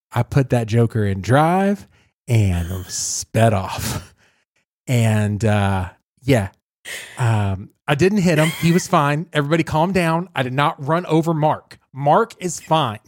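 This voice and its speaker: A male podcast host telling a story in a casual way, animated, laughing and making joking asides. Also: on the high side, slow pace, no echo, clean studio sound.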